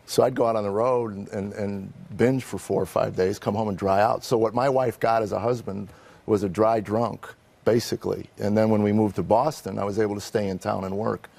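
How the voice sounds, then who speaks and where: A man's voice: fairly low pitch, fairly even intonation, brisk, gravelly, a little mellow. A middle-aged man, a comedian guest in an interview, telling candid personal stories in a wry, self-deprecating way and acting out the people in them.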